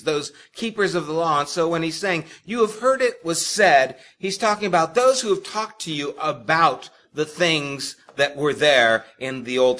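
A male pastor delivers a sermon in a bright, forceful, somewhat high voice. He talks straight to his congregation, leaning hard on key words, then dropping suddenly quiet. The delivery swings between loud emphasis and hushed asides. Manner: expressive, emphatic preaching with sharp swings in loudness; addresses the congregation directly.

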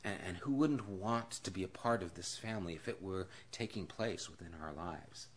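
A man giving a conversational sermon as a pastor. He talks like he is telling a story to friends. His voice sinks to a hush, then climbs loud and emphatic. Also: normal speed, slight background noise. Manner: storytelling, swinging from hushed and low to loud and emphatic. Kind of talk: conversational Bible-study sermon.

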